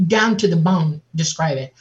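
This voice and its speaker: A woman guest on an interview, telling a personal story in a lively way and acting out the voices of other people. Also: deep voice, normal speed. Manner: vivid, laughs often, acts out quotes. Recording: dull lo-fi audio.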